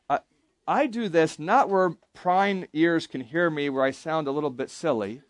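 At a moderate pace and with a slightly high voice, a man teaches young campers the Bible interactively, posing questions to the group and steering call-and-response. He's a camp Bible teacher, recorded without echo.

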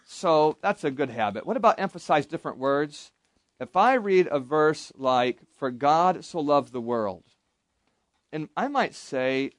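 A man's voice: on the high side, animated, unhurried, no echo. A man giving an interactive Bible lesson to young campers, asking the group questions and leading them in call-and-response. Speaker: camp Bible teacher.

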